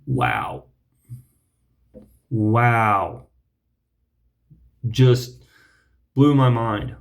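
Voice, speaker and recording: A preacher telling his personal testimony in an earnest, reflective way, often pausing to clear his throat. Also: mid-range voice.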